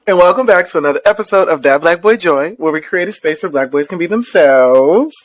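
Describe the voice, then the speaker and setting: Animated, lively-pitched male podcast host. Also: a little fast. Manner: animated, exclamatory, playful. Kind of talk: casual chat.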